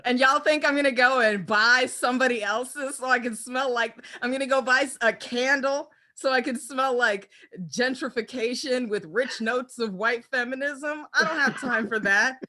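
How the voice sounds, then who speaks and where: A woman performing a brash, profane stand-up comedy set with animated storytelling. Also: sits high, normal speed, hardly any pauses.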